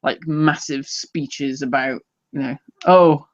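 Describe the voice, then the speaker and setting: A man co-hosting a casual live podcast, rambling and self-deprecating, quick to laugh. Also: on the high side, fairly bright tone, no room sound, lo-fi sound. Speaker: podcast co-host.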